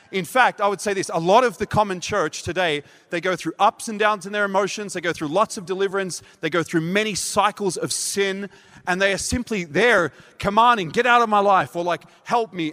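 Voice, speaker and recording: A man preaching a sermon, telling a story in a lively way, acting out what people said and laughing at himself. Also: high voice. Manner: animated, acts out quotes, laughs at himself. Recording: long hall reverb.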